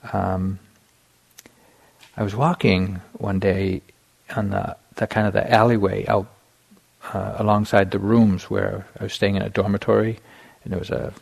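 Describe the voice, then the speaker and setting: A middle-aged man giving a meditation dharma talk, telling a personal story in a relaxed way with many fillers and restarts. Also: fairly low pitch, creaky, husky. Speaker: meditation teacher.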